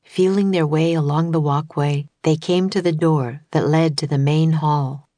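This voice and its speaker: A woman reading a children's storybook as an audiobook, in calm, even narration. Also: deep voice, measured pace, no echo. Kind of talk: scripted narration.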